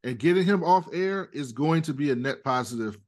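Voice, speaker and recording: A man co-hosting a podcast in casual chat, relaxed and hedging his points with frequent fillers. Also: a little high, fairly quick. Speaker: podcast co-host.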